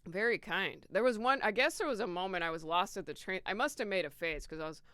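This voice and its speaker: A woman comedian on a podcast, talking casually in a giggly, rambling, animated way. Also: mid-range voice, fast, no echo, clean studio sound. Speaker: guest comedian.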